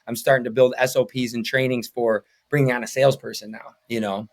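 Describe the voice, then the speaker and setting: A painting business owner in his thirties appears as a podcast guest, rambling earnestly and filling gaps with fillers in casual interview chat. His voice is medium-pitched, level in tone, and brisk.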